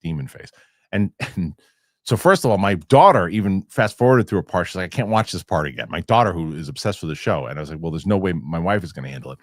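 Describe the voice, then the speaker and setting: A man's voice: low voice, animated, fast, dry recording, studio quality. A man hosting a casual movie chat show, talking. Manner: rambling with many restarts. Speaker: host.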